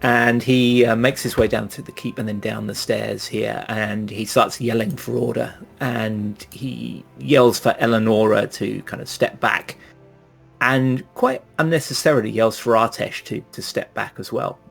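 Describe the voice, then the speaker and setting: A man narrates a tabletop role-playing session as game master, his voice gravelly and a little husky. He stops and starts often, filling gaps as he builds each scene. Faint music runs underneath. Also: on the low side, steady tone, a little slow. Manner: hesitant, lots of ums while describing.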